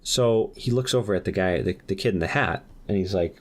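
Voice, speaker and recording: A man co-hosting a podcast, rambling through an improvised comic story with deadpan asides. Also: low voice, a little fast.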